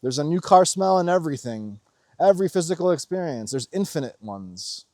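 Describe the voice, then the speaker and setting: A spiritual vlogger delivers an unscripted, blunt, profane monologue to his viewers, slipping into mocking voices to mimic other people. His voice is a little high, animated, slightly fast, and dark in tone, captured as a dry, clean studio recording.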